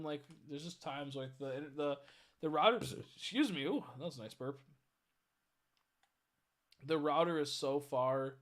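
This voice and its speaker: A man's voice: fairly high pitch, a bit bright. A tired man chatting casually on a live stream, rambling and swearing as he greets viewers. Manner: rambling, swearing, stumbles over chat names.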